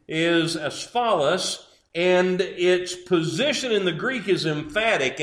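A man's voice: sits high, a bit bright, roomy sound. A man preaching a sermon, building emphasis through repeated phrases.

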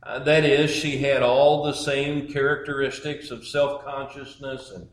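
A male preacher delivers a sermon slowly and deliberately, leaning on repeated phrases for emphasis. His voice sits at a middle pitch and rings out in an echoey church. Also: fairly even intonation.

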